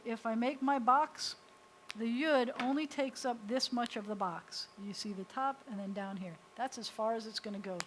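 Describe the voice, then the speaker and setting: An American woman, a rabbi, teaching a beginners' Hebrew class in a lively, chatty way. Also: a little high, low-quality recording. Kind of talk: classroom lesson. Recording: faint hiss.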